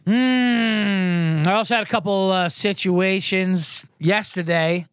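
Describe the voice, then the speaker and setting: A man's voice: high voice, slow, clean tone, no echo, studio quality. A man hosting a podcast, ranting sarcastically and telling profane stories with acted-out quotes. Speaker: podcast host. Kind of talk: comedic rant.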